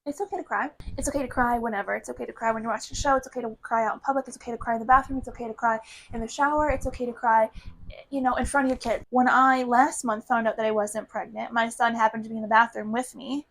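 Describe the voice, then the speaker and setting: Young woman on a podcast, fairly high voice, earnest and open, keeps repeating phrases. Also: steady tone, quick pace, fairly bright tone, slight background noise, low-quality recording. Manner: candid, earnest, talks in runs of repeated phrases. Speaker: podcast co-host. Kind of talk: casual heart-to-heart chat.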